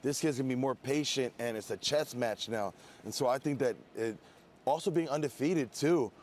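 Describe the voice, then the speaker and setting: Guy analyzing a fight, mid voice, measured, repeats his points. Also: mid-range voice, darkish tone.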